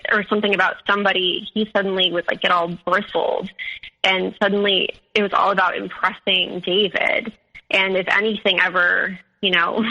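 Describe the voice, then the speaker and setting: A woman's voice: mid-range voice, sharp tone, low-quality recording. A woman guest recounting a personal story in an interview, talking hesitantly with many fillers and restarts.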